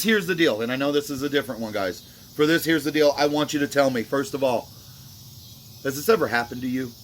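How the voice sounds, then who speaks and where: A man's voice: mid-range voice, a bit bright, slight background noise. A man vlogging about a mistake at a dice table, talking in a remorseful, rambling way full of fillers. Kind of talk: casual talk to camera.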